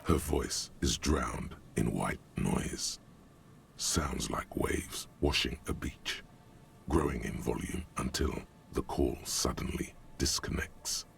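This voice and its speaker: A man narrating a game in a measured, dry manner. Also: a bass voice, creaky, heavily acted. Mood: grave. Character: omniscient game narrator, grave and wry.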